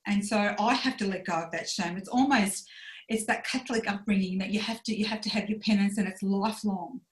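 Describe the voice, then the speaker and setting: A podcast guest in her forties talks candidly and reflectively about her life, voicing her own inner thoughts as she tells her story. Her pitch is medium and her pace fairly quick, in a roomy, echoey recording.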